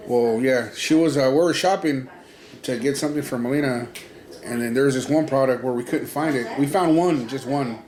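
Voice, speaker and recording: A man's voice: mid-range voice, fairly quick, a little mellow, reverberant. A man co-hosting a casual podcast, telling a story and acting out both sides of the conversation. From California. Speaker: podcast co-host.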